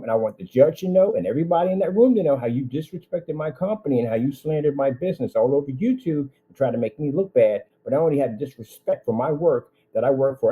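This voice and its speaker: In phone-quality sound, a medium-pitched man who runs his own business rants in a vlog. He speaks directly to one person, repeating indignant threats against them.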